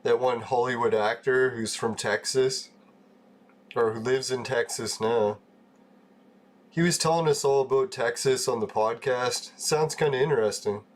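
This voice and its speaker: A man's voice: mid-range voice, a little slow. A man hosting a live game stream, chatting casually with viewers, chuckling often and swearing offhandedly. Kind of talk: casual live-stream chat while gaming.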